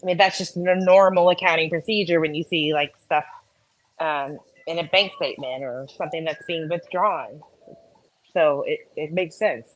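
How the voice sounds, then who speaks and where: A woman's voice: sits low, normal speed, poor audio. A woman who works as an accountant, explaining things in a casual, meandering way as a guest.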